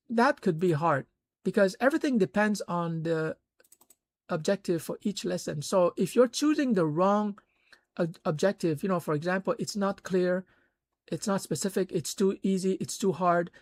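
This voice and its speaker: A man with a gravelly, creaky edge explains course building in a loose, conversational way. He fills gaps with "you know" and "uh" and grows louder when he stresses a point. The sound is dry and close. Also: high-pitched, no echo. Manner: conversational, many fillers, emphatic bursts. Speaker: course creator teaching online. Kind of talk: casual instructional talk.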